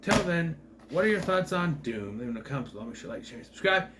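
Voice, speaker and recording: A man's voice: on the high side, very animated, fast, background noise. Rambling sarcastic man reviewing movies. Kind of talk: casual movie review vlog.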